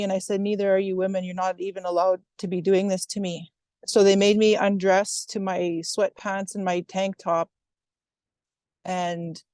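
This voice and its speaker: A woman recounting a personal incident at length, retelling what was said in a steady, even way. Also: medium pitch, dry recording. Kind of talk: first-person account.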